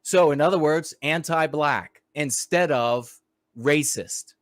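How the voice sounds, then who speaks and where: A man hosting a commentary show, talking in a heated, mocking monologue that swings into loud outbursts. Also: on the high side, slow, no room sound. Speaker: host.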